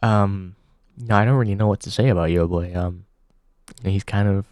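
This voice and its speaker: A man hosting a comedy show, delivering a halting deadpan monologue full of pauses. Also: low-pitched, no echo.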